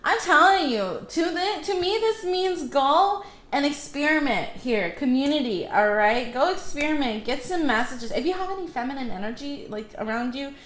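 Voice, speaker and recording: A woman's voice: sits high, animated, normal speed, hardly any pauses, a bit bright. A woman tarot reader talking casually, rambling with many fillers and self-corrections as she gives spiritual advice. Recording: echoey room with faint ambience.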